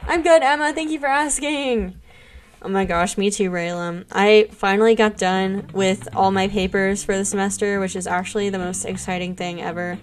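A young woman streams a game and chats casually, bubbly and gushing thanks to her viewers. Her voice is mid-range and her pace moderate.

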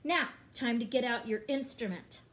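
A woman's voice: a little high, moderate pace, heavy background noise. A woman teaching a music lesson to young children online, encouraging and patient, often chanting and singing syllables.

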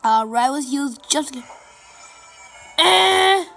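A woman giving excitable let's play commentary over a game, chanting and repeating little phrases as she plays. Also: sits high, extremely slow, creaky, faint music behind. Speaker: gameplay commentator.

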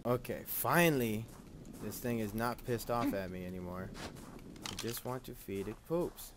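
Goofy man narrating gameplay, lively pitch. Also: normal speed, background noise. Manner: goofy, talks to the creature, silly sing-song bits. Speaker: gameplay host. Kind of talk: casual gameplay commentary.

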